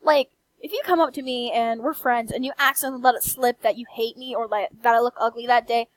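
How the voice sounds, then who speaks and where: A young woman with a country accent, ranting in a soft-spoken late-night vlog, candid and blunt with frequent swearing. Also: a little high, steady tone, fast, few pauses, no room sound, poor audio. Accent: American country. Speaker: vlogger. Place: quiet room late at night.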